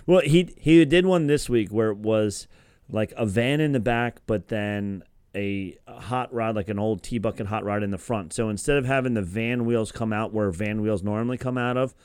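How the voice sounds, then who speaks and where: A man's voice: lowish voice, moderate pace, a little mellow, clean tone, dry recording, clean studio sound. A young man co-hosting a casual podcast, explaining things in an easygoing way. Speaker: podcast co-host.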